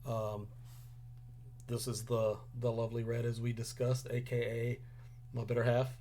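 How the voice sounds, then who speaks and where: A young man hosting a casual review show, relaxed and rambling with lots of ums. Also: mid-range voice, moderate pace, slight background noise. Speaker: host. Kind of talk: casual chat.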